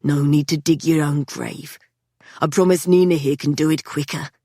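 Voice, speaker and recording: Brief: female reader as a cool young tough, even-tempered and menacing, a little low. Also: normal speed, no echo, clean studio sound. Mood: calm, menacing. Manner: casual, even-tempered, veiled threat. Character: young man, calm and quietly menacing.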